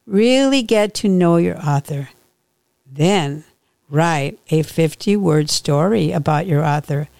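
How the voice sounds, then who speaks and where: Slow, gravelly woman reading her novel. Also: low voice, expressive, a little mellow, no echo. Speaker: podcast host and author.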